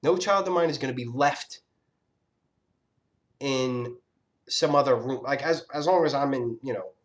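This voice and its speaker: A man's voice: mid-range voice, measured pace. A man telling a personal story in an angry, profane, scattered rant, often restarting his sentences. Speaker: vlogger. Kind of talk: casual storytelling monologue.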